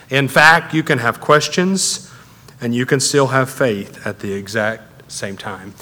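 A man preaching a sermon as a pastor, conversational and animated, his intensity building as he talks. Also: mid-range voice. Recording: echoey hall with long reverb.

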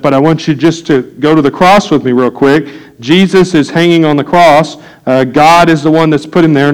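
A man's voice: a little high, poor audio. A man preaching a sermon from the pulpit in a conversational way, with frequent fillers and light jokes to the congregation. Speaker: pastor.

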